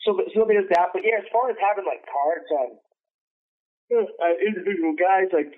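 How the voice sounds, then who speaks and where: A man's voice: high voice, normal speed. A man talking casually as an interview guest, rambling with restarts and acting out quoted lines in a raised voice. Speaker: guest, wrestling commentator. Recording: tinny phone-like line.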